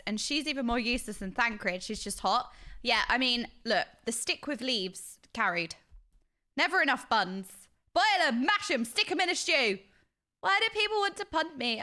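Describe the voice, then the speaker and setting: A woman's voice: high voice, sharp tone. A woman streaming a game, chatting casually with viewers in an effusive, talkative way. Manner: chatty and self-described yappy; effusive, uses extreme language. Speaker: livestreamer. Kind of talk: casual livestream chat with viewers.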